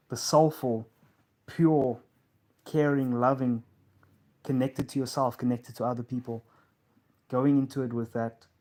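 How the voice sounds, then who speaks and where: A man hosting a live Q&A from a couch in a lounge, talking in a loose, rambling way. He fills pauses with um and like, and addresses listeners as bro and man. His voice sits at an everyday middle pitch. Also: darkish tone. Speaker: host of a live Q&A stream. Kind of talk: casual live-stream talk.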